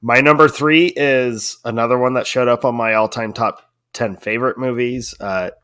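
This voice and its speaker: A man's voice: medium pitch, steady tone, normal speed, a bit bright, clear, resonant tone, no echo, clean studio sound. A man co-hosting a podcast in casual chat, teasing his co-host and speaking earnestly about what matters to him. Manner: teasing, then earnest and reflective.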